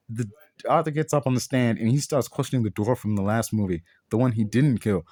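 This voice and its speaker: A man tears into a film in an exasperated, profane rant, piling up rhetorical questions. His voice sits at a middling pitch. The recording is dry and close, with no room sound. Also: fairly quick, dark tone, no echo. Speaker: film reviewer. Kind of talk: profane ranting movie review.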